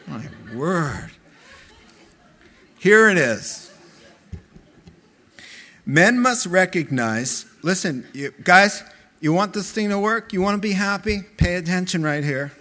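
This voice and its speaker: A middle-aged male pastor preaching a sermon, telling stories in an animated, emphatic way. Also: sits high, takes it slowly, pauses often.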